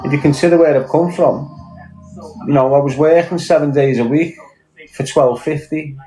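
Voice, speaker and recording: A man's voice: on the high side, moderate pace, mellow, faint music behind, rough recording. Blunt, sweary Scouse man. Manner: blunt, sweary, rhetorical questions. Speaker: podcast guest. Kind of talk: blunt casual chat.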